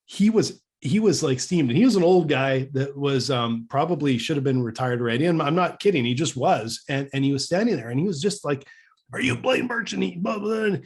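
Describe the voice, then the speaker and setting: A husky, mid-range male voice runs a little fast with hardly any pauses. The Canadian podcast co-host tells a story casually and animatedly, acting out quoted dialogue while frequently restarting and repeating himself in a stammer.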